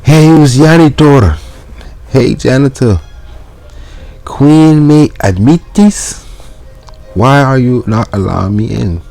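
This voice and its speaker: A man voicing a loud, impatient male mailman who shouts and demands to be let in through a door, reading from a Latin lesson. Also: mid-range voice, pitched above the performer's own voice.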